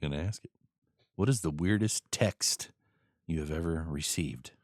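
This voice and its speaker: A man's voice: rumbling low, normal speed, dry recording, studio quality. A man hosting a casual podcast chat, asking random questions and laughing often. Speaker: podcast host.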